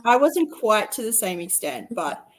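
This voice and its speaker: A woman's voice: medium pitch, a little slow, low-quality recording. A young Australian woman from Queensland, co-hosting a casual craft chat and telling stories with lots of laughter. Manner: animated storytelling, laughs often. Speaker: co-host.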